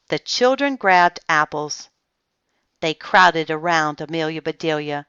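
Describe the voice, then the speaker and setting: A woman reading a children's book aloud in a slow, expressive storytelling voice. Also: low voice, clean tone, no echo, muffled recording. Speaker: storybook reader.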